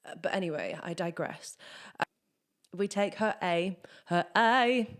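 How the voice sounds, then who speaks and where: A vocal coach with a lowish voice talks at a normal pace during a singing lesson. She chats about technique, then demonstrates by singing vocal exercises.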